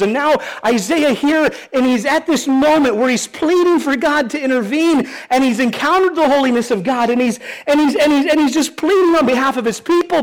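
A pastor preaching a sermon in an earnest, pleading way, asking the congregation questions and often restarting his sentences. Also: very high voice.

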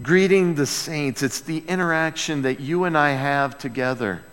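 A pastor preaches a sermon to his congregation in a church sanctuary, speaking in a conversational, humorous way and often repeating words as he restarts his sentences. His slightly high voice is a bit bright and clean, at normal speed, and the recording carries the long reverb of a church hall.

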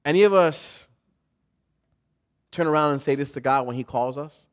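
A man preaches an animated sermon, building loud runs and then dropping soft. His voice sits high for a man, and he repeats phrases for emphasis. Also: moderate pace, pauses often. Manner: animated, swings from loud to quiet, repetitive.

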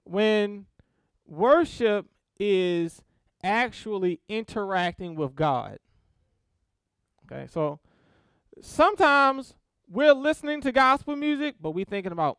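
High and sing-song, this man's voice moves at a slow pace with a fairly bright, clear, resonant tone, recorded in clean studio sound with no room noise. He leads an informal sermon on spiritual disciplines, talking conversationally and checking in often by asking "okay?" and "right?"

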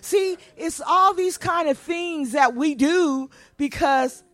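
A woman's voice: high voice, takes it slowly, fairly bright tone, no echo. A woman pastor preaching a sermon in a folksy, emphatic way.

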